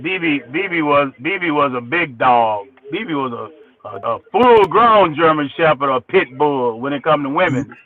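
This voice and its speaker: Animated storyteller on a phone line. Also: male voice, on the high side, moderate pace. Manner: animated, repeats words, acts out quotes. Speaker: musician guest. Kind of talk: casual storytelling interview.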